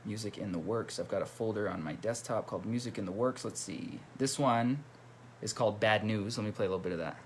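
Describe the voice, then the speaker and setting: A man with a lowish voice talks fairly quickly over some background noise, hosting a casual musician's livestream from his computer at home. He's chatty, reading viewer comments aloud and greeting the people who wrote them.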